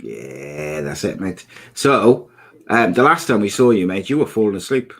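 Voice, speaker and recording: A man's voice: fairly low pitch, very animated, moderate pace, a bit bright. A man hosting a live podcast, chatting casually and reading out viewer comments in an upbeat way. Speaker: podcast host. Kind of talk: casual chat.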